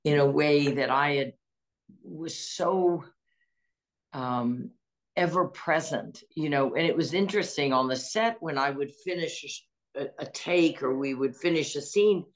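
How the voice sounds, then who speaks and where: A woman's voice: sits low, a little slow. Woman actress telling stories. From New Orleans, USA. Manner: warm storytelling with laughs and quoted voices. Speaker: actress interviewed as guest. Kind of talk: casual interview chat.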